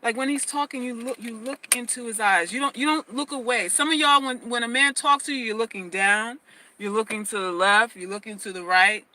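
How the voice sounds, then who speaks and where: A woman's voice: a little high, fairly quick, bright, forceful tone, poor audio. A woman hosting a casual livestream advice talk, emphatic, often repeating phrases and restarting sentences. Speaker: host.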